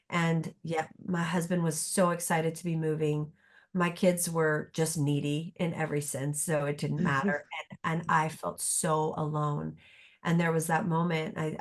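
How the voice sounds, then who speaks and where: A middle-aged woman therapist speaking as a podcast guest, reflective and earnest, often restarting her sentences. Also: low voice. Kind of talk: podcast conversation.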